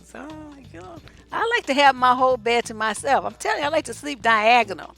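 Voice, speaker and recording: A middle-aged woman from Oakland speaks as a relationship coach, her voice pitched high and bright. She talks bluntly and animatedly to her viewers, laughing often. Faint music plays behind her. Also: lively intonation, fairly quick, creaky. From Oakland, California. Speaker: relationship coach and channel host. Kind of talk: casual advice talk to viewers.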